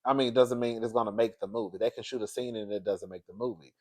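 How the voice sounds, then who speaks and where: Chatting quickly and with lots of energy, this gossip vlogger dishes on pop culture, addressing his audience as "girl" and "baby." Excitement sends him up into a high pitch full of laughter.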